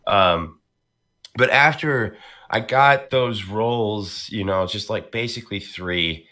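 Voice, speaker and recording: A man with a low voice and a slight New York accent, chatting on a podcast about his voice acting work. His tone is bright and forward. He tells his stories with animated energy. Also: slow pace. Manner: animated storyteller, slips into character voices. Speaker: voice actor. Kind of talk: casual podcast chat.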